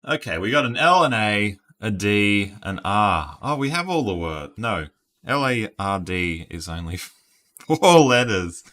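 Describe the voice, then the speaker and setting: A man's voice: fairly low pitch, big pitch swings, unhurried, bright, forceful tone. A man streaming word games, chatting casually and thinking aloud while laughing at himself. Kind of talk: casual live-stream commentary.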